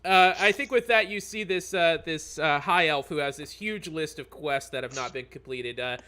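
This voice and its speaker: A man's voice: on the high side, moderate pace, bright, forceful tone. A man narrating as game master of a tabletop game, rambling with many fillers.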